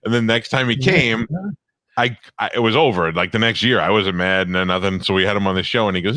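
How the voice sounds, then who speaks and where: A man's voice: on the low side, fairly even intonation, fast talker, pushed and bright, no room sound, clean studio sound. A man in his fifties, a radio host, telling a blunt, profane story in casual chat. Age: 50s. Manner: blunt, swearing anecdote teller. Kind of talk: casual comedy podcast chat.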